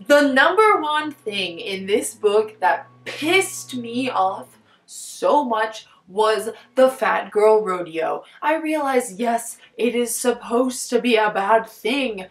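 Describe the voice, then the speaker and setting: A woman giving a casual book review at home, excitable and rambling, with lots of "like" fillers. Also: fairly high pitch, echoey room. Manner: excitable and rambling, heavy use of "like". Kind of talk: casual book talk vlog. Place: top-floor apartment at home.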